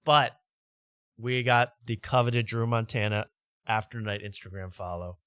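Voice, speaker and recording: Sharp, bright-voiced sarcastic male host. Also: lowish voice, a little slow, smooth, no room sound, clean studio sound. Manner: sarcastic, riffing, mock voices. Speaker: talk show host. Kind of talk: casual comedic commentary.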